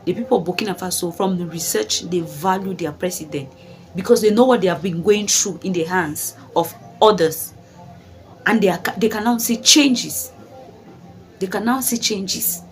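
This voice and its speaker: A woman's voice: medium pitch, moderate pace, faint music behind. A woman delivering commentary to her online audience in an emphatic, repetitive style. She leans on rhetorical questions and keeps calling her viewers guys. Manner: emphatic, repeats phrases, addresses viewers as guys. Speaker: vlogger. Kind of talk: commentary vlog.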